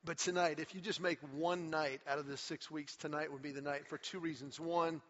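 A male pastor giving a sermon, telling a story with lively acted-out quotes and climbing energy. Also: a little high, a little fast. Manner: animated storyteller, acts out quotes with rising energy. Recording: muffled hall recording with long reverb.

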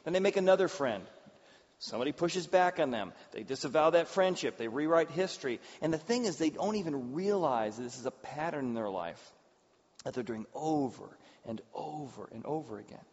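Animated pastor preaching in a reverberant hall. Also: male voice, on the high side, normal speed. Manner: animated storytelling with acted-out voices. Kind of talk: sermon. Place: church hall with audience. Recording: dull sound, long hall reverb.

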